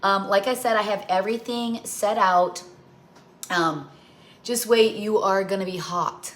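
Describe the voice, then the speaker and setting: A woman's voice: lowish voice, fairly even intonation, a little slow, a bit bright. Chatty woman cooking on a livestream. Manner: rambling, storytelling, talks to viewers while cooking. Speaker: home cooking livestream host.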